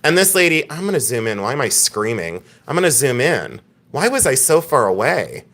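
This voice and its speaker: A man hosting a live jewelry sale stream, chatting excitedly, joking and laughing with viewers. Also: medium pitch, a little fast. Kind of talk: casual live-stream sales chat.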